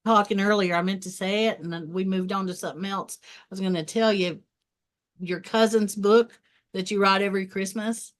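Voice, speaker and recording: A woman's voice: medium pitch, steady tone, normal speed. A woman co-hosting a podcast, chatting casually and laughing easily at her partner's stories. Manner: responsive listener, laughs easily, chatty asides. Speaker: podcast co-host. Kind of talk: casual chat.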